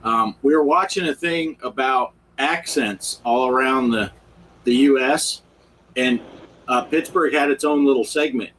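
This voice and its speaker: A man's voice: mid-range voice, unhurried, a bit bright, slight background noise, poor audio. A man hosting a casual livestream chat, telling rambling stories. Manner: chatty, rambling storyteller. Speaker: livestream host.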